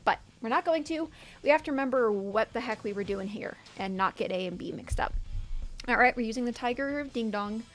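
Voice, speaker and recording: A woman's voice: on the high side, fairly quick. A woman streaming a video game with chatty, giggly, self-mocking casual commentary. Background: faint background music.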